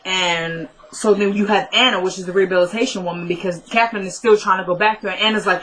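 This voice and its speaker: A woman's voice: medium pitch, steady tone, fast talker, few pauses, crowd noise, low-quality recording. A woman casually recapping a TV drama episode, chatty and retelling scenes by quoting the characters.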